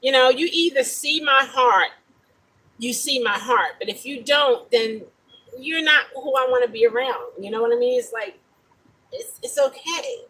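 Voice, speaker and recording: A middle-aged woman speaks in a slightly husky, breathy voice that sits a little high for a woman. She has an African-American English accent and tells her stories to the camera in a loose, animated way, her disbelief plain in how she says things. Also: a little slow, poor audio. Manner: animated, incredulous storytelling. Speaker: rideshare driver vlogger. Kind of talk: casual talking-to-camera vlog.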